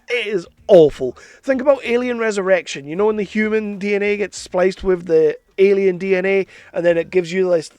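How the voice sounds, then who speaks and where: A man's voice: high voice, no room sound. A man giving a casual spoken film review, chatty and opinionated, with a frank way of talking.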